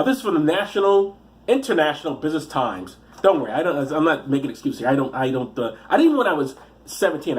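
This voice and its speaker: A man giving profane comic commentary on news stories, rambling and halting, with frequent restarts and asides. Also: mid-range voice. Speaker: comedian reading the news.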